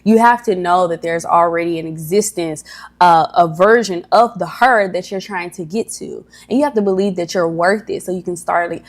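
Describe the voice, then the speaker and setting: A woman's voice: lowish voice, moderate pace. A young woman talks straight into her mic on a casual livestream, rambling and encouraging. She is a little nervous and often stumbles and restarts her thoughts, filling gaps with easy conversational asides. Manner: chatty, rambling, stumbles over words. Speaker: livestream host. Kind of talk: casual motivational livestream talk.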